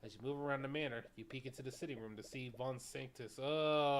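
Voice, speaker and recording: A young man streaming a visual novel, reading the narration aloud and chatting in a relaxed, jokey way. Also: mid-range voice, fairly quick. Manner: relaxed, jokey, swears casually.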